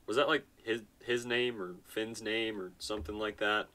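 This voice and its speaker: A man's voice: lowish voice, fairly even intonation, normal speed, pushed and bright. A man casually commenting on his strategy game as he plays, nonchalant and chatty, talking to himself and sounding tired. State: tired, yawning. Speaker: gaming channel host. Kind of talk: casual let's-play commentary.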